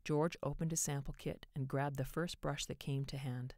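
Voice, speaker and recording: A woman narrating a short story in an expressive way, giving each character a voice. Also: low-pitched, normal speed, no echo, studio quality.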